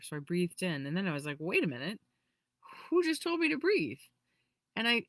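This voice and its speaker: A woman in her forties, an energy healer, giving a casual spiritual talk in a rambling, animated way full of restarts. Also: deep voice, no echo. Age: 40s.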